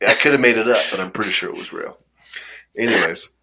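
A man's voice: on the low side, quick pace, vocal fry, bright, forceful tone. A young man telling a rambling story in casual chat, laughing often and acting out the quotes.

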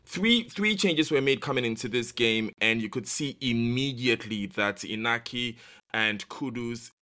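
A man's voice: mid-range voice, a little slow, bright, forceful tone. A man discussing football results as a pundit on a podcast, then reading scores in a commentator's manner.

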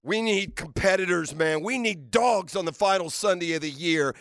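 A man hosting sports radio, delivering a fiery, mocking rant with shouted bursts. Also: high-pitched, normal speed, gravelly, hardly any pauses, no room sound, studio quality. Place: radio studio.

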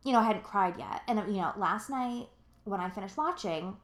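A young woman co-hosts a podcast in loose, rambling chat, packing her sentences with fillers and curse words. Her voice sits at an ordinary middle pitch. The recording sounds roomy, with a noticeable echo around her. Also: animated, moderate pace. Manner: rambling, filler-heavy, profane and emotional. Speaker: podcast co-host. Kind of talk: casual chat.

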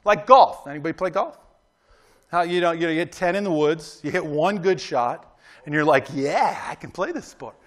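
A pastor preaches in a casual, conversational way, often asking his listeners "right?" and urging them on with emphatic exhortation. His voice is fairly high and his pace moderate.

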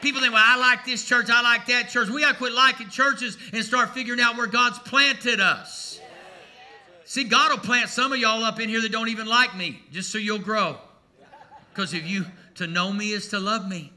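Guy preaching at church, super high voice, folksy and punchy, cracks jokes between points. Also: fairly even intonation, normal speed, sharp tone. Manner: folksy, emphatic preaching with humor. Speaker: pastor. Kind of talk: sermon. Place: church before a congregation.

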